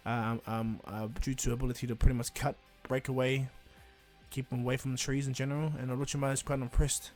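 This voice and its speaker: A man narrating a fan-fiction story in a loose, rambling way, full of fillers and "and he goes". His pitch sits in the middle range, and faint music plays behind him. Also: flat delivery, fast, darkish tone. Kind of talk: casual fan-fiction retelling.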